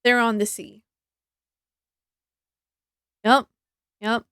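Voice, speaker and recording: A woman talks through a book review at an unhurried pace, filling pauses with ums and restarting her sentences. Her voice sits a little high, and the recording is close and dry with no room sound. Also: little pitch movement, a bit bright, clear, resonant tone, dry recording. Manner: chatty, rambling, many ums and restarts; laughs easily, acts out her reactions. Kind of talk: casual book review vlog.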